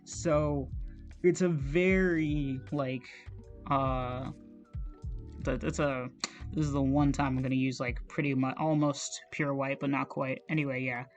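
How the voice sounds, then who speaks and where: A man's voice: mid-range voice, fairly even intonation, a little slow, lo-fi sound, soft background music. A man streaming while he draws, talking in a rambling, casual way, full of "like" and swearing. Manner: rambling, heavy use of "like", frequent swearing. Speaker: art streamer.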